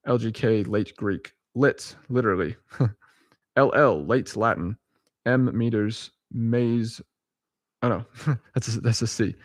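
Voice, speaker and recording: A young man reading dictionary abbreviations aloud at home in a halting, chuckling way, often correcting himself. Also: lowish voice, no room sound. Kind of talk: casual solo reading and chat.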